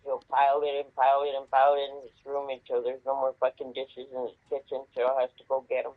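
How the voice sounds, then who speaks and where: A man's voice: medium pitch, completely flat delivery, fast. A blunt, laid-back man talks casually. His voice comes through dull and a little distant from the mic. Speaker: listener in casual conversation. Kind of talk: casual chat.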